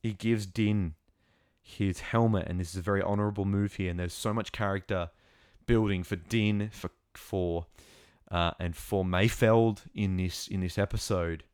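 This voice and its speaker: A young man recapping a show episode in a casual, excitable and rambling way, with lots of fillers and restarts. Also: sits low, moderate pace, clear, resonant tone, no echo, clean studio sound. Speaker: show reviewer.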